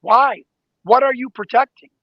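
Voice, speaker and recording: High-voiced excitable man, dull audio. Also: normal speed, no echo. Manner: excited storyteller, acts out quoted exchanges. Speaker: guest investigator. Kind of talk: animated interview talk.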